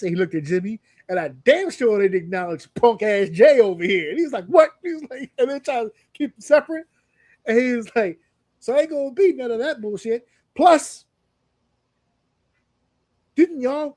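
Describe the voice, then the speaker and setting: A man with a high voice co-hosts a casual podcast, retelling backstage moments and acting out the lines with animated energy. The sound is dry and close. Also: no room sound. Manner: animated storyteller who acts out wrestlers' lines. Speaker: podcast co-host. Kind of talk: casual chat.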